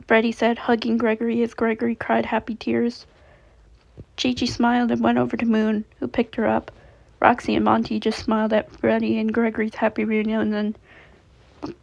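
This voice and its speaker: A woman reads a story aloud in a plain way, correcting small slips as she goes. Her voice is slightly high and gravelly. The recording sounds dull and lo-fi. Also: monotone, moderate pace, darkish tone. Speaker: fanfiction reader.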